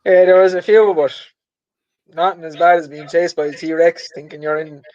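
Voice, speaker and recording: A man's voice: on the high side, fairly even intonation, moderate pace, darkish tone, no echo, lo-fi sound. A man co-hosting a podcast, talking casually about betting in an easygoing, self-deprecating way. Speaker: podcast co-host.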